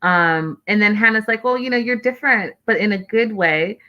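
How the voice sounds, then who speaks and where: A woman's voice: medium pitch, moderate pace, lo-fi sound. A woman hosting an online reality TV recap show, chatting in a sassy, exasperated way and mimicking people as she rants. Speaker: host.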